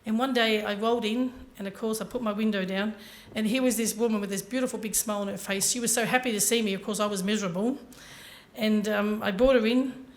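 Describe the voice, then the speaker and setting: A woman's voice: mid-range voice, steady tone, fast talker. A woman giving a motivational talk to a conference audience, telling her story earnestly and speaking directly to the listeners. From Ireland.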